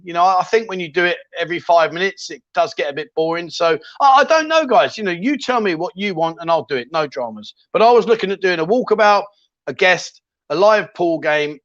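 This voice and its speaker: A man's voice: sits high, fairly bright tone, dry recording, highs cut off. A man hosting a casual livestream, chatting loosely and reading viewer comments with plenty of ums and restarts. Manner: chatty, rambling, jokey, with many ums and restarts. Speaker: livestream host.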